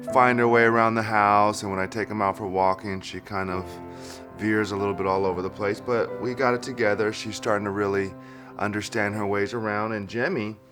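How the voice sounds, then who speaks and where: Low-voiced dog owner, relaxed. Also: male voice. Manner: relaxed, with fillers and small laughs. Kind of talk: interview talk. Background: music.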